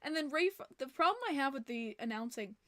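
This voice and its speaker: High-voiced animated woman podcaster. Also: quick pace, dry recording. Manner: animated, swears a lot, laughs often. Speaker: podcast host. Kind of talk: casual hockey podcast chat.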